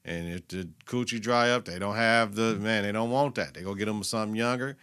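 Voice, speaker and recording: A man's voice: lowish voice, brisk, a bit bright, clean tone. A man hosting his own podcast, giving blunt, profane, slang-heavy commentary in a casual solo monologue. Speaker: podcast host.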